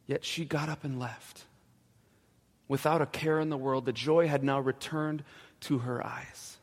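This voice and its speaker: A male pastor telling a story in a sermon, slowing down and dropping to a hushed voice at the key moments. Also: medium pitch, steady tone. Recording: long church reverb.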